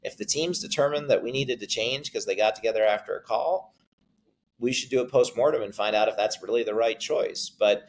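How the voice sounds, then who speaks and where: A man's voice: medium pitch, brisk, slight background noise, poor audio. A middle-aged man, a startup CEO, answering interview questions in a conversational way and acting out quotes as he tells stories. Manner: animated storyteller, acts out quotes.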